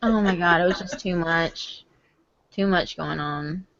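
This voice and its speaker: A woman's voice: lowish voice, steady tone, measured pace, fairly bright tone, a little hiss or hum. A woman hosting a voice-chat story night, talking casually, laughing helplessly and swearing freely. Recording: dull, lo-fi stream audio.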